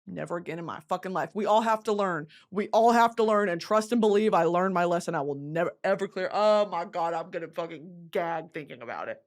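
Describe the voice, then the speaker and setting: A woman's voice: fairly low pitch, fairly quick, hardly any pauses. A young woman hosting a podcast, telling comic stories with lots of swearing and laughter, and mimicking other people's voices. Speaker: podcast host. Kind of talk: comedic storytelling.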